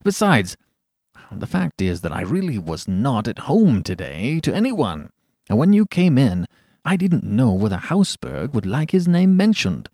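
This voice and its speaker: A male narrator puts on a worldly young painter who teases and chuckles through every remark. The voice swings up and down with lively pitch. It sits close and dry, with no room around it. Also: measured pace, no room sound, exaggerated voice. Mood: teasing. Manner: teasing, breezy, given to laughter.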